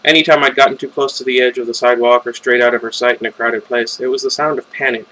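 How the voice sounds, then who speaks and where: Reading a fan novel aloud in first person, an amateur male narrator talks fast in a steady, sharp, mid-range voice. He's informal, stumbling over words and tossing in casual asides, on a low-quality recording.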